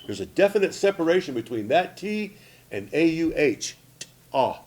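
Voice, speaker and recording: A man's voice: fairly high pitch, big pitch swings, moderate pace, darkish tone. A man in his sixties from Oklahoma, teaching a language lesson in a plain, repetitive way, often checking in with "okay?" and "see?". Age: 60s. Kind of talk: casual spoken lesson.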